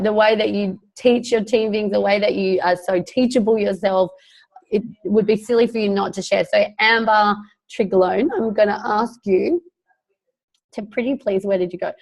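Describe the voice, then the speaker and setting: A woman leading a video call, chatty and gushing with excitement. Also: medium pitch. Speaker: team leader hosting a video call. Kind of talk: casual video call chat.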